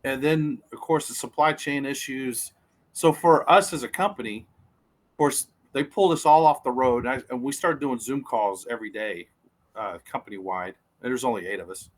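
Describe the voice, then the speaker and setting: A man with an average pitch chatting casually as a guest. He talks about his work in an easygoing, explanatory way. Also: normal speed, low-quality recording. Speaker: cigar company guest. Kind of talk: casual chat.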